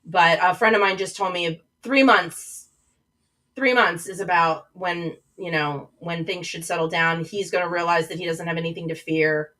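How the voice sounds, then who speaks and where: A woman's voice: on the low side, fairly even intonation, normal speed, bright, forceful tone, far from the mic, rough recording. A woman hosting a live stream, chatting casually and reading viewer comments aloud. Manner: chatty, reads chat comments aloud, rambling restarts. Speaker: livestream host. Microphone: webcam mic, a little back from screen.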